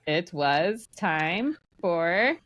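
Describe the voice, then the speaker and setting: A woman co-hosting a podcast, chatting in a relaxed, conversational way. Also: lowish voice, drawn-out words. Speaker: podcast co-host. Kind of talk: casual chat.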